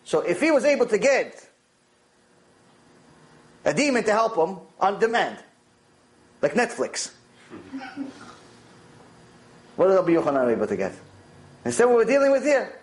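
A man giving a Torah lecture, telling stories in an animated way and repeating lines for emphasis. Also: high voice, measured pace, long pauses. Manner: animated storytelling, with repetition for emphasis. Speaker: Torah teacher.

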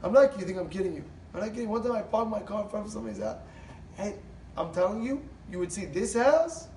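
Man storyteller, high voice, animated, roomy echo, far from the mic. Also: fast talker, a little hiss or hum. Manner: lively, acts out every part of the story. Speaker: storyteller giving a talk. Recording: roomy, distant mic, faint ambience.

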